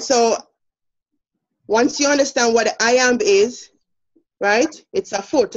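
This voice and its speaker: A woman with a Jamaican accent presenting a poetry lesson, explaining step by step with many fillers. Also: mid-range voice. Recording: dull lo-fi sound.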